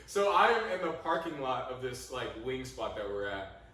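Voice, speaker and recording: A young man co-hosting a podcast, telling a story in a lively, laughing way, swearing freely and acting out his own lines. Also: medium pitch, moderate pace. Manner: animated, laughing, swears freely, quotes himself. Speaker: podcast co-host. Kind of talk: casual storytelling chat. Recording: echoey room, mic at a distance.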